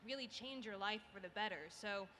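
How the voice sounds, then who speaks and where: A woman, an animation YouTuber on a convention panel, tells stories casually and chattily, with many fillers and restarts. Her mid-range voice is bright and forceful, a little fast. Recorded in a large convention hall, the sound is distant and reverberant with faint noise.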